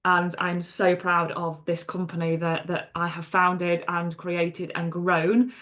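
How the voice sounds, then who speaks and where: A woman's voice: lowish voice, flat delivery, slow pace, fairly bright tone. A woman hosting her own podcast as a coach, talking unscripted, chatty and emphatic, with lots of fillers and blunt swearing. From England. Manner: chatty and emphatic, frequent fillers and "okay?" asides. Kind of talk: unscripted solo podcast monologue.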